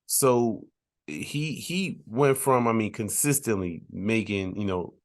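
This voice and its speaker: A man co-hosting a music podcast, talking in a relaxed, rambling way with frequent restarts. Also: fairly low pitch, slow pace. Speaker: podcast co-host. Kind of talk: casual chat.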